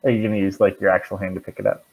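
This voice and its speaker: A man's voice: low voice, level tone, very fast, breathy edge. A man as dungeon master, narrating a tabletop game and asking the players questions, thinking aloud with fillers. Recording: dull lo-fi stream audio.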